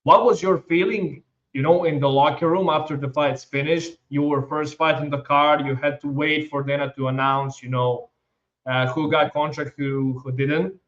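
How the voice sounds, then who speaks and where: Interview host guy, kinda high voice, halting questions, muffled lo-fi audio. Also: fairly even intonation, fairly bright tone. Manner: halting, repeats words, non-native phrasing.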